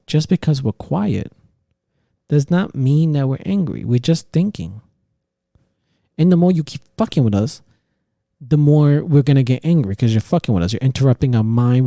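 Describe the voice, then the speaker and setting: A man hosting a casual podcast, ranting in an animated way and swearing constantly. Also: mid-range voice, dry recording, clean studio sound. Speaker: podcast host. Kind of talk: casual opinion talk.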